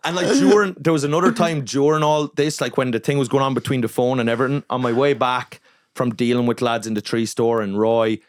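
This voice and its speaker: Brief: young Irish man, swearing storyteller, mid-pitched, dry close sound. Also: brisk, dry recording. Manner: animated, swearing, acting out quotes in his anecdotes. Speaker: comedian, podcast guest. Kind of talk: casual storytelling chat.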